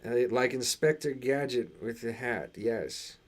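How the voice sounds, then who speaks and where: A man's voice: mid-range voice, animated. Chatty man streaming live, transatlantic accent. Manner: halting, many restarts and fillers while reading chat. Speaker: channel host reading live chat. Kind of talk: casual live-stream chat.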